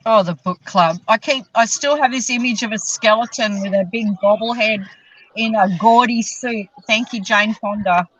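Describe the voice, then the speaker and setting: A woman's voice: a little high, moderate pace, fairly bright tone, no echo, highs cut off. A woman co-hosting a podcast in casual chat, chatty and enthusiastic, laughing easily. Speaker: podcast co-host.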